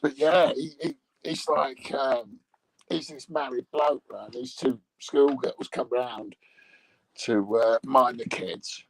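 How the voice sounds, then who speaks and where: A man's voice: medium pitch, steady tone, slow, vocal fry, poor audio. A man rambling through crude comic chat, bawdy and meandering, chuckling at his own jokes. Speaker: comic monologue host.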